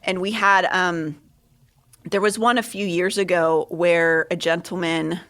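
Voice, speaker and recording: A woman co-hosting a podcast livestream in casual chat, animated, her pitch jumping up on punchlines. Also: measured pace. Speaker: podcast co-host.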